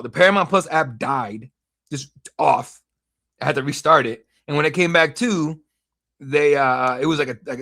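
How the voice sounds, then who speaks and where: A young man hosting a live fight watch-along stream, rambling, excitable and profane in casual commentary. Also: a little high. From United States.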